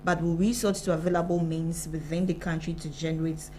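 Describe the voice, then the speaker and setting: A Ghanaian woman co-hosting a morning show, reading news stories aloud in a steady delivery. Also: sits low, a little fast, a little hiss or hum, poor audio. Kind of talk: news reading and studio chat. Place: broadcast studio.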